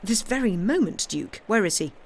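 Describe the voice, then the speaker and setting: A woman's voice: medium pitch, lively intonation, moderate pace, slight background noise, voice pushed up, close to an everyday voice. A woman reading aloud, voicing an aging king who is wry and commanding. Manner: imperious, teasing.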